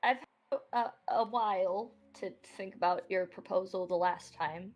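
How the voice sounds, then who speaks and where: A woman's voice: mid-range voice, moderate pace. A woman playing a tabletop game, answering in character in a dry, wry way. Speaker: player.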